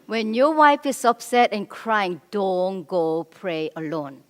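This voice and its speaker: A middle-aged woman giving a church marriage seminar, animated as she coaches the men in the audience directly. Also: mid-range voice, slow pace. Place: church hall. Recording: long reverb of a church hall.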